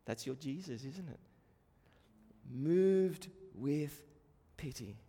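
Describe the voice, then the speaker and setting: A man preaching a sermon, moving between hushed, quiet reflection and fervent, rising exhortation. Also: on the high side, lively intonation, slow pace, slightly rough, long reverb tail.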